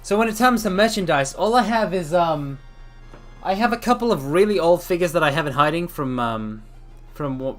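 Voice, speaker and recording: Male streamer, higher-pitched, winded and repetitive, casual apologetic chat over soft background music. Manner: rambling, apologetic, repeats phrases. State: out of breath. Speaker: VTuber streamer.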